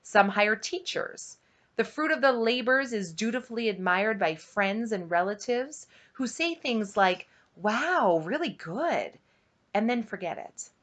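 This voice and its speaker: A woman reading a novel aloud at home, unhurried and dramatic, dropping to a hush at tense moments. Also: fairly high pitch. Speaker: audiobook reader on her channel.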